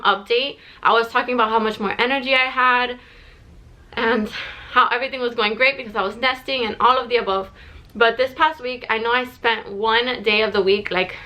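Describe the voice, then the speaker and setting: A woman's voice: fairly high pitch, pushed and bright. A young woman chatting casually to camera about her pregnancy, a bit out of breath and full of "like" and restarts. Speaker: vlogger sharing a pregnancy update.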